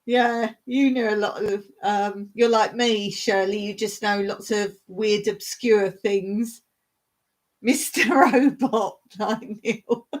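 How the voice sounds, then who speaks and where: Woman, live streamer casual, meandering chat, laughs a lot, slow delivery. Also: mid-range voice, flat delivery, darkish tone, rough recording. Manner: chatty, rambling, laughs often. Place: rural smallholding.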